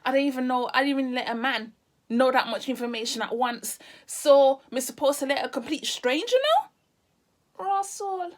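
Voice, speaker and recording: A woman telling a casual storytime vlog, animated and exclamatory. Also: high voice, moderate pace. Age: 30s. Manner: animated, exclamatory, drifts into Caribbean patois. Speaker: vlogger.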